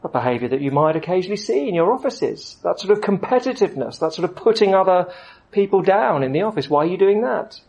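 Lively preacher, pitch a little high. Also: male voice, quick pace, gravelly, lo-fi sound. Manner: lively storytelling with rising emphasis. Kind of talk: sermon.

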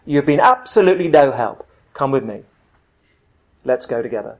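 A man's voice: medium pitch, expressive, moderate pace. A man preaching who voices Jesus in a blunt, chummy paraphrase full of slang, exasperated yet loving toward his disciples. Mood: mock exasperation.

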